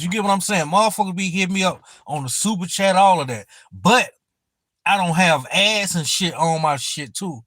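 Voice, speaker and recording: Man, high voice, dry close sound; slangy, profane livestream talker who tells stories with energy. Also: moderate pace, no room sound. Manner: loose, profane, street slang; animated storyteller. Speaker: YouTuber on a livestream. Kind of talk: casual livestream chat.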